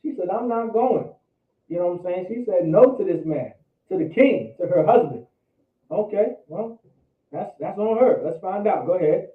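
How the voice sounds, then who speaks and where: A man's voice: sits high, lively intonation, moderate pace. A man teaching a Bible study in a loose, slangy preaching style, often repeating words as he goes. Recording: echoey room, distant phone-like mic.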